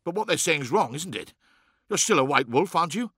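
Man voicing a loud, blunt warrior captain. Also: on the high side, very animated, brisk, slightly rough, no room sound, clean studio sound, voice pushed up, exaggerated voice. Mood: forceful. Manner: snapping, forceful.

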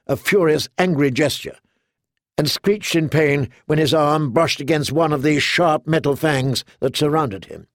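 A man reading a fantasy novel aloud as an audiobook narrator, measured and steady. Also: a little high, no echo, clean studio sound. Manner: measured, storytelling. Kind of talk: scripted narration.

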